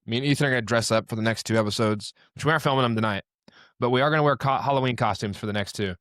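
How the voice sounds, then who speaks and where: A man's voice: medium pitch, racing, fairly bright tone, no room sound, studio quality. A young man co-hosting a casual chat over a video call, talking in a loose, rambling way and breaking off mid-sentence. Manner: casual, rambling, self-interrupting. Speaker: co-host.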